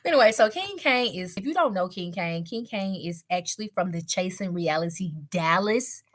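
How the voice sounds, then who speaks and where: A young woman giving a casual live recap, chatty and slangy with lots of fillers, clearing her throat from a cough. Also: mid-range voice, animated, normal speed, a bit bright. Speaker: show reviewer.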